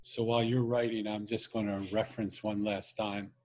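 A man who is an author and podcast guest, speaking in an earnest, measured, inspirational way. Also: fairly low pitch, level tone, a little mellow. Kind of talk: reflective conversational talk.

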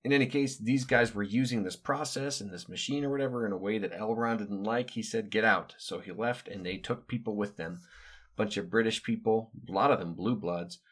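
A man's voice: lowish voice, brisk. A middle-aged man from the United States telling a story in a casual monologue, wry and digressive, with offhand asides and hesitant fillers. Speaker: podcast host recounting his upbringing.

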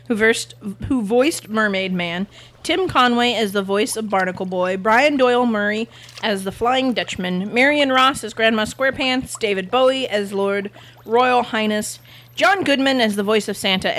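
Bright teasing woman co-host. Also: medium pitch, moderate pace. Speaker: podcast co-host. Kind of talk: comedic casual chat.

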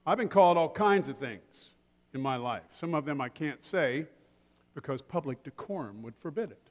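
Pastor preaching with humor, reverberant hall. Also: male voice, a little high, a bit bright. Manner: conversational preaching with humorous asides. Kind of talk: sermon.

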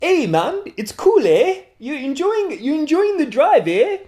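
A man voicing a breezy, reckless Canadian man behind the wheel, in a deliberately exaggerated put-on Canadian accent with a high, drawling sound. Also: big pitch swings, crowd noise, heavily acted. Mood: carefree.

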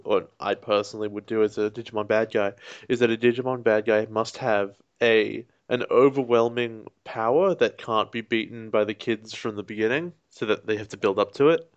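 A man's voice: on the low side, smooth, dull audio. A man co-hosting a podcast in casual chat, teasing with dry jokes. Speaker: podcast co-host.

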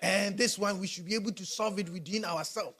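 A male pastor preaching a sermon, animated and rising to shouts. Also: sits high, a little fast.

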